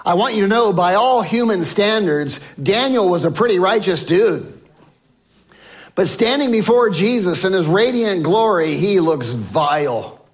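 Male pastor, slightly high voice, sermon storytelling with acted-out biblical voices. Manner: swings from loud emphasis to soft hushed lines.

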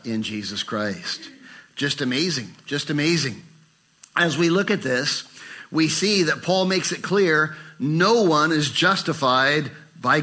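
An older man preaching a sermon, animated and acting out inner voices with rising pitch. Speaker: pastor.

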